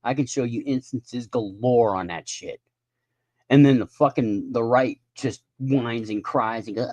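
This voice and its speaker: A man's voice: mid-range voice, unhurried, darkish tone, no room sound. A man in his fifties ranting in a casual live stream monologue, profane and rambling. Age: 50s.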